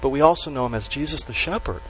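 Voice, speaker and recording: A man preaching a sermon to a congregation, stressing key words slowly and letting his voice drop at the ends of phrases. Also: medium pitch, slight background noise, low-quality recording. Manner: emphatic, with slow stressed words and dropped endings. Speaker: pastor.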